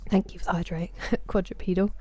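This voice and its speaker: Low-voiced woman chatting with her stream. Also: steady tone, fairly quick, a little mellow. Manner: chatty, answering viewers' messages by name. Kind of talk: casual live-stream chat. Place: room at home.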